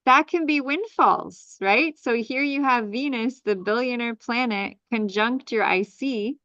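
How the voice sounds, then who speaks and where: A woman astrologer hosts a workshop over a video call, reading a chart and leading a clearing in rhythmic lists. Her voice sits slightly high. The sound is dull and dry. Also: unhurried, a bit bright, dry recording.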